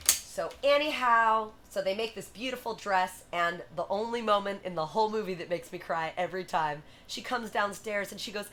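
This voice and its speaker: A woman hosting a livestream, chatty and animated as she retells a story to her viewers. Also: mid-range voice, a little hiss or hum. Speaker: livestream host. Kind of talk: casual retelling and performing for a live chat.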